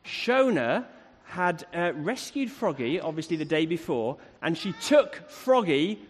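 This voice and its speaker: A man hosting a live stage show with lots of energy, shouting calls to the audience. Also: on the high side, animated, a little slow. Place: live stage in a large hall. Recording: echoey hall with crowd and music.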